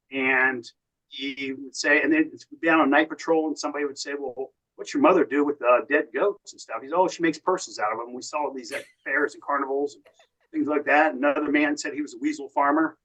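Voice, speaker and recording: A man's voice: medium pitch, fairly bright tone, low-quality recording. An American man, a podcast guest, telling long family and wartime stories in a casual way, often quoting what others said. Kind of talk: casual storytelling.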